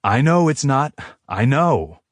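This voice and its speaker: A man's voice: mid-range voice, very animated, slow pace, no echo, clean studio sound, voice pushed up. Romance audiobook role: brooding werewolf man, soothing and remorseful, voiced by a man. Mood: apologetic. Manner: soft, soothing, apologetic. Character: gentle, remorseful male werewolf lover.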